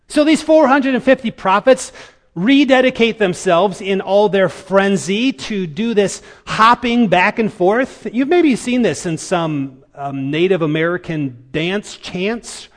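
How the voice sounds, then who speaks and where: A man with a high voice preaches a sermon in a church sanctuary, and his words trail off into a long reverb. He tells the story dramatically, leaning on pauses for emphasis. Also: animated. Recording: reverberant hall.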